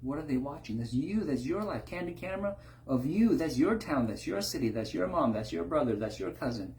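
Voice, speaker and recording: A man's voice: a little high, lively intonation, a little fast, darkish tone, a little hiss or hum. Man preaching with rhetorical questions. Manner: rhetorical, keeps asking "right?". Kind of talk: informal sermon.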